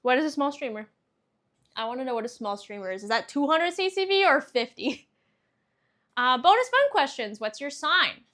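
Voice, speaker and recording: A woman's voice: high-pitched, very animated, normal speed, fairly bright tone. A young woman chatting casually on a stream, reading viewer answers aloud, laughing often and swearing freely.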